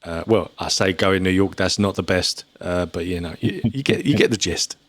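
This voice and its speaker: A man's voice: deep voice, fairly even intonation, normal speed, no echo. A young man commentating an esports match in a laid-back, hesitant way with many fillers. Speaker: esports caster. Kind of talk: casual commentary chat.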